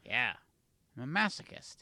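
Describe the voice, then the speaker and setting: Rambling animated man, dry sound. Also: medium pitch, moderate pace, no room sound. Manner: rambling, loses his train of thought, swears casually. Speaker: podcast co-host. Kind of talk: casual chat.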